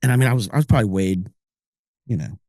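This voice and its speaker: A man's voice: fairly low pitch, quick pace, warm tone, no echo. Rambling man telling stories, dry mic. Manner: rambling storyteller, frequent restarts. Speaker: podcast co-host. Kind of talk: casual chat.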